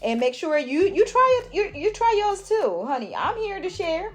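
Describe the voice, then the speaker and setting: A woman's voice: very high-pitched, sing-song, normal speed. A woman chatting through a hair tutorial in a hyper, gushing way, calling her viewers honey and sis. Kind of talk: casual tutorial chat.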